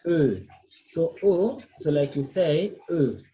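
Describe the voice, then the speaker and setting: A man's voice: a little high, very animated, slow, warm tone. A man tutoring a student in French one on one, patient, repeating words and checking with "okay?". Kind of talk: one-on-one language lesson.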